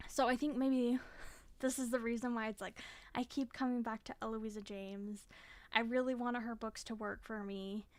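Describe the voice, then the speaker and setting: A woman's voice: fairly high pitch, flat delivery, moderate pace. A young woman vlogging about her reading, chatty and frank, with the occasional curse when she gets frustrated. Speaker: book vlogger. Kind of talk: casual chat.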